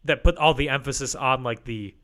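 A man co-hosting a podcast over a remote call, telling rambling stories with deadpan asides. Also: mid-range voice, brisk. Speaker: podcast co-host. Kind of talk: casual chat. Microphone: remote call mic.

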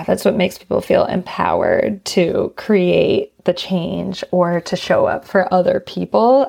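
A woman's voice: on the low side, creaky, warm tone. A woman, a photographer and business partner, talking earnestly in a casual chat with many fillers.

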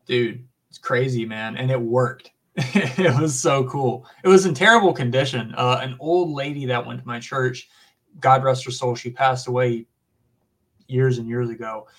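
A man's voice: medium pitch, normal speed, a bit bright. A man in his twenties with a Southern US accent, chatting casually and rambling with lots of fillers. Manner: rambling, filler-heavy, says dude and man. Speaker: podcast guest. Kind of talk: casual chat.

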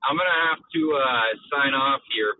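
A man's voice: medium pitch, normal speed. Sarcastic man on a tinny phone line. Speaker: podcast co-host calling in. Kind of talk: casual podcast banter.

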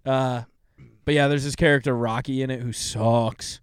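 A man's voice: medium pitch, steady tone, normal speed, smooth, no echo, clean studio sound. A young man co-hosting a podcast, chatting casually and swearing freely as he retells movie plots with plenty of fillers. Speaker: podcast co-host.

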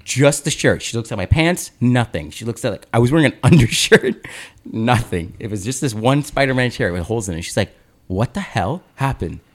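A man in his thirties, a podcast co-host, telling a childhood story in casual chat, animated and swearing freely. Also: mid-range voice, a little fast.

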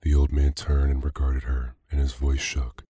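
Male storyteller for a sleep story: very deep, dark, husky, calm even delivery. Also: no room sound. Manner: slow, calm, even reading. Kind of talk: bedtime story narration for sleep.

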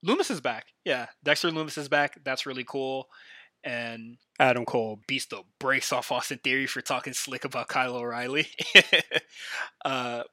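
A man's voice: mid-range voice, fairly even intonation, moderate pace, bright, forceful tone, dry recording, clean studio sound. A man hosting a solo podcast, giving a casual, rambling recap full of fillers and restarts. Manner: rambling, filler-heavy, enthusiastic fan talk. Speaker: podcast host.

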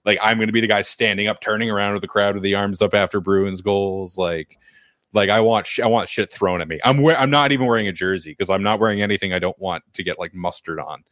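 A man's voice: lowish voice, quick pace, fairly bright tone, no room sound, studio quality. A man co-hosting a hockey podcast, talking casually and animatedly, swearing and laughing often. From French Canadian heritage. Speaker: podcast co-host. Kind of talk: casual sports chat.

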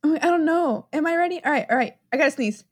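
A woman's voice: high-pitched, lively intonation, fast, dry recording, studio quality. A young woman co-hosting a casual podcast, giggly and nervous, dropping slang as she guesses quiz answers. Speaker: podcast co-host, quiz contestant. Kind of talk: casual chat.

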